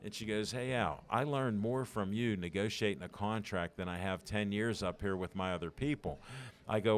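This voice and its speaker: A man's voice: on the low side, normal speed. An older man from Pittsburgh, a podcast guest, telling stories animatedly and acting out the dialogue. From Pittsburgh, USA. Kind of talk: storytelling interview.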